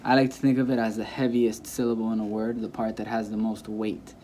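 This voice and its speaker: A man's voice: lowish voice, flat delivery, a little fast, warm tone, slight background noise. A young man teaching a casual lesson, repeating example words with shifted stress and correcting himself as he goes, recorded on a camera mic without a clip mic. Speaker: Spanish teacher.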